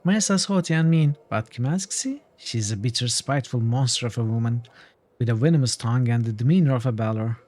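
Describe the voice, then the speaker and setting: A man's voice: medium pitch, darkish tone, close to an everyday voice. A man voicing a scornful, gossiping woman in a role-playing game, with a sneering, catty delivery.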